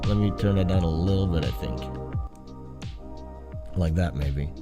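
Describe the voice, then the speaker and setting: A man's voice: low voice, unhurried. A man hosting a casual livestream while sick with the flu, his voice nasal and stuffed-up, rambling and swearing as he talks, with faint music behind him. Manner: rambling, profane, self-interrupting. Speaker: art streamer host. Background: faint background music.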